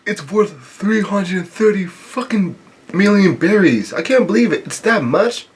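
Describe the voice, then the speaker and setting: An excitable young pirate cook voiced by a man jumps well above his natural pitch. He sounds breathless and unable to believe what he sees, like a manga panel read aloud at a fan's desk. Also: measured pace, husky, heavily acted. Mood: astonished.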